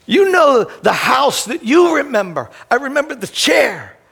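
A man in his sixties, a pastor preaching a sermon, impassioned, moving from quiet reflection to shouting. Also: very high voice, very animated, a little slow, gravelly, slightly rough. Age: 60s. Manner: impassioned, swings from soft to shouting.

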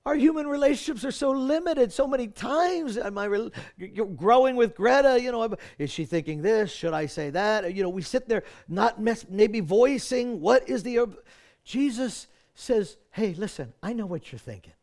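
Male pastor, higher voice, warm folksy sermon delivery with scripture readings. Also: lively intonation, normal speed. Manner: earnest, folksy, reads scripture aloud, frequent "right?".

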